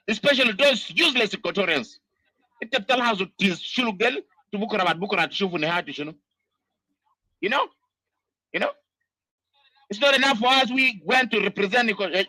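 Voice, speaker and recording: A man rants in a heated political monologue, his voice very high and piercingly bright. He keeps circling back with "you know" as he scolds, and the sound is completely dry, with no room echo. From South Sudan. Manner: angry, ranting, peppered with "you know". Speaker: diaspora political commentator.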